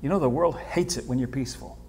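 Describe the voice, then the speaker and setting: A man preaching a sermon as pastor, animated, repeating words and swinging between hushed and loud. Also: mid-range voice, fast talker, a little hiss or hum. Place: church sanctuary. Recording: church hall with long reverb.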